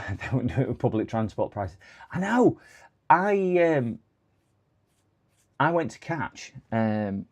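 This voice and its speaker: A man's voice: medium pitch, very animated, slow pace, long pauses, darkish tone. A middle-aged man hosting a casual live stream, chatting in a rambling way that often slides into exasperated rants. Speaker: livestream host.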